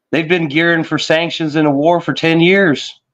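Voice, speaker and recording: A man's voice: a little high, steady tone, unhurried, fairly bright tone. A man in casual political chat, talking in a loose, rambling way with frequent fillers and casual swearing. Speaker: podcast co-host. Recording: slightly dull lo-fi audio.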